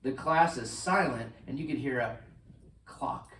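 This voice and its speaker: A man preaching a sermon as pastor, animated, swinging between loud bursts and hushed lines. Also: medium pitch, measured pace, echoey room, distant mic, rough recording. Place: church sanctuary.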